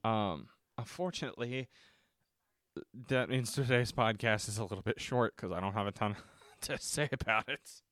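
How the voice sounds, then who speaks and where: This podcast host, a man, reviews films on his own in a relaxed way, sitting at a desk mic and reading from notes. He talks at a moderate speed in a fairly low, somewhat bright voice, recorded cleanly in a studio with no echo. Expect wandering thoughts, frequent swearing, filler words and lots of restarted sentences.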